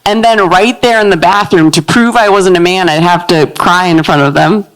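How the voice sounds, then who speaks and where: A woman in her thirties with a low, manly-sounding voice, performing a live stand-up set in a comedy club with a deadpan delivery. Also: moderate pace, slight background noise, rough recording. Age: 30s.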